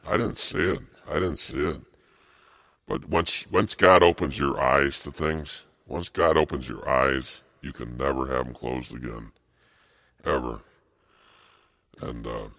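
A man preaching a rambling sermon, halting and repetitive, with many fillers and restarts. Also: a bass voice, vocal fry, a bit bright.

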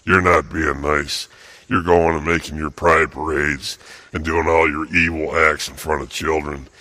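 A man's voice: rumbling low, flat delivery, bright, forceful tone, dry recording. An older man delivering an angry, agitated monologue, repeating himself and stumbling over fillers. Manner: agitated, repetitive, halting with many fillers.

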